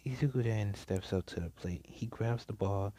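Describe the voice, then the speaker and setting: Low, mellow man rambling through a story. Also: moderate pace, no room sound. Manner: rambling, with frequent restarts. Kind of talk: casual fan-story narration.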